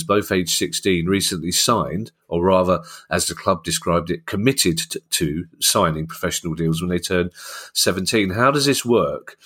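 A man's voice: low-pitched, a bit bright, breathy edge. A man with a South London accent hosting a football finance podcast, chatty and jokey with lots of asides. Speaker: podcast host. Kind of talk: casual chat.

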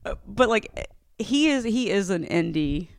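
A woman's voice: mid-range voice, lively intonation, unhurried, gravelly. A woman co-hosting a comedy podcast, chatting casually, teasing her co-host, laughing often and swearing freely. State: allergies.

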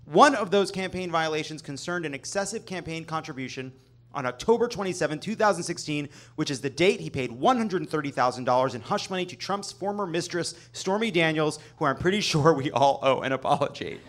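A man's voice: fairly high pitch, lively intonation, brisk. Man hosting a sarcastic comedy monologue. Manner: sarcastic, swears for emphasis. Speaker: host. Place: comedy club stage.

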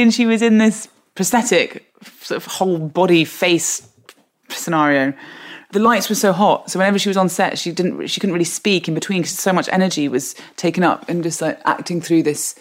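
A woman guest telling a comic anecdote in a lively, self-mocking way, often laughing. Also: medium pitch, moderate pace. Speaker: podcast guest.

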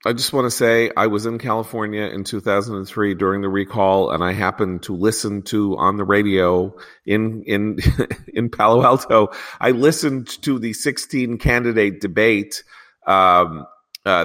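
A man hosting a political podcast, talking in a rambling, animated way that keeps breaking off and restarting. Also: on the low side, unhurried. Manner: rambling, animated, self-interrupting. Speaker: podcast host. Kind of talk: political discussion.

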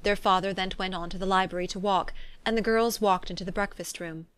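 A woman narrates a classic novel in a measured, even storytelling voice. Her mid-range tone is close and dry, with no room echo. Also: mid-range voice, clean tone. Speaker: audiobook narrator.

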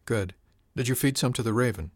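A man voicing a weak, feverish old woman who talks in short, halting phrases in an audiobook. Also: mid-range voice, no room sound, clean studio sound, lightly acted. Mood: weak, wry. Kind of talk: audiobook character reading.

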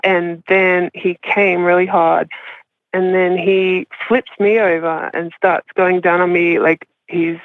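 Her voice low-ish and flat, her pace slow, a woman caller shares a personal story in a casual confessional manner. She rambles, uses "like" a great deal and laughs frequently. The tinny phone line carries no echo.

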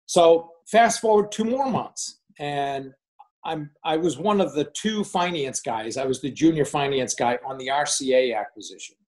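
A man's voice: fairly high pitch, normal speed. A man in his sixties, a former finance manager, telling a casual story and acting out the dialogue with animation. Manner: animated, acts out quoted dialogue. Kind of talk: casual spoken anecdote.

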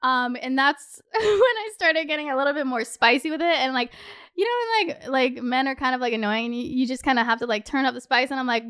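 A woman's voice: high-pitched, animated, quick pace, fairly bright tone, clear, resonant tone. A young woman in her twenties hosting a podcast, telling a story in a chatty way, swearing often and saying "like" a lot. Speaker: podcast host. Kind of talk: casual storytelling.

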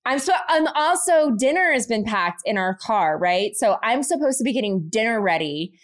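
A woman in her thirties, co-hosting a podcast, telling a story in a casual and animated way. She laughs often and acts out what people said. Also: fairly high pitch, normal speed. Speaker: podcast co-host.

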